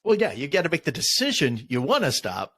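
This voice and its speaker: A man hosting a podcast, his voice sitting a little high for a man. He speaks casually and reflectively, agreeing with his guest and then asking him questions. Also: wildly swooping pitch, fairly quick, fairly bright tone. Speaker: podcast host.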